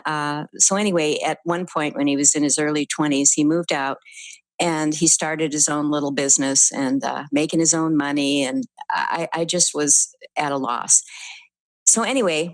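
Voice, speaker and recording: An elderly woman in her eighties speaks gently and earnestly, with soft laughs and pauses, as she shares memories. Her voice sits low for a woman. The sound is dry and close, with almost no room echo. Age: 80s. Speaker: guest, writing teacher and author. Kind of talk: reflective personal storytelling.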